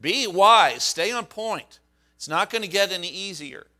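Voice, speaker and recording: A man's voice: high voice, expressive, a little slow, bright, forceful tone. A man, a pastor, preaching a sermon in a conversational, storytelling way with fillers and restarts.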